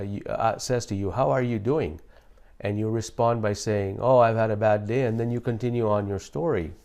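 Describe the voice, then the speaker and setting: A man hosting a self-help talk, speaking in a calm, explanatory way with frequent restarts. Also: mid-range voice. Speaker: host.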